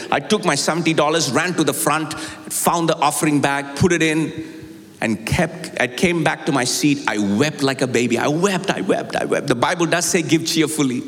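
A man preaching a sermon, telling a personal story and moving from quiet, confiding passages to high, impassioned climbs. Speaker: pastor. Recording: long hall reverb.

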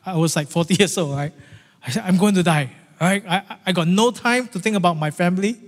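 A middle-aged pastor, telling a story in a sermon in an animated, repetitive, dramatic way, recorded in a large church hall. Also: male voice, high voice, brisk. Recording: long church reverb, faint music.

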